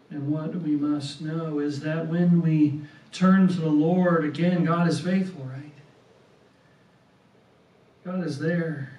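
A man preaching a sermon, slow and deliberate, who often repeats words and tags on "right?". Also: on the high side, steady tone, warm tone. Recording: roomy sound from a distance.

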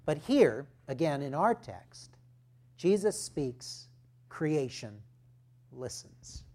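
A male pastor preaching a sermon, deliberate and emphatic, with rhetorical questions and firm points. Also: on the high side, big pitch swings, a little mellow.

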